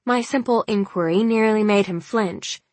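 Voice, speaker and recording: A woman narrating a first-person novel aloud, in a measured, wry reading voice. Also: mid-range voice, darkish tone, no echo. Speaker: audiobook narrator.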